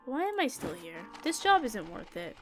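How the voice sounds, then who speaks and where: High-voiced, excitable young woman gamer. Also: music in the background. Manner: excitable, dramatic, quick to panic and joke. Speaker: gaming YouTuber. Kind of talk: let's play commentary.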